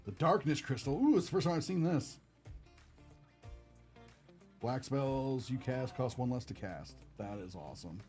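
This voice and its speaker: A man's voice: medium pitch, expressive, a little slow, pauses often, darkish tone, faint music behind. A young man hosting a card-opening stream, chatting casually and rambling with lots of fillers. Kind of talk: casual chat while opening cards.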